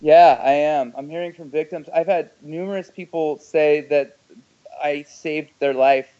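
An earnest man talking as an interview guest, emphatic, his loudness rising and falling. His voice sits fairly high and comes through a dull, muffled remote line. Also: fairly even intonation, unhurried, smooth. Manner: earnest, emphatic, swings loud and soft.

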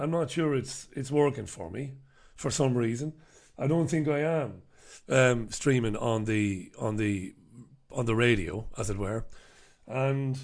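A man's voice: mid-range voice, creaky. An Irish man hosting a casual live stream from a small studio, rambling and mocking himself as he chats to viewers. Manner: rambling, self-mocking, chatty. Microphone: desk microphone.

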